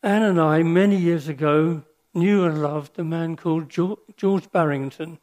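An older man giving a sermon with personal stories, speaking in an earnest, reflective way with pauses and restarts. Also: on the high side, a little mellow.

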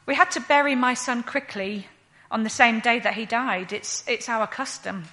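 A woman playing a grieving widowed mother, telling her story in a slow, earnest first-person monologue. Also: on the high side, bright, forceful tone. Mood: sorrowful.

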